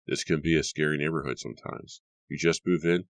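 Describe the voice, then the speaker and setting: A man's voice: very deep voice, steady tone, a little fast, dry recording. A man reading an audiobook, voicing a young police officer who speaks in a clipped, businesslike, suspicious way. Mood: wary. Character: young, wary, deadpan male police officer.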